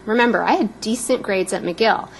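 A woman in her fifties from Canada giving a prepared, personal speech as a guest speaker, warm and a little emotional. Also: mid-range voice, normal speed, vocal fry, a little hiss or hum, low-quality recording.

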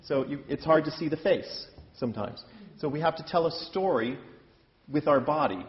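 A man's voice: fairly high pitch, normal speed. A man from the US Midwest giving a chatty, self-deprecating lecture-demonstration on opera singing as a voice teacher. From Iowa, US Midwest. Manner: chatty, self-deprecating, talks with his hands. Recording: dull, hall reverb.

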